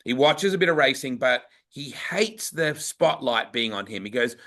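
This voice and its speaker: A man's voice: medium pitch, animated, moderate pace, hardly any pauses, sharp tone. An Australian man hosting a casual podcast, telling stories eagerly. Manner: eager storytelling. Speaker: podcast host.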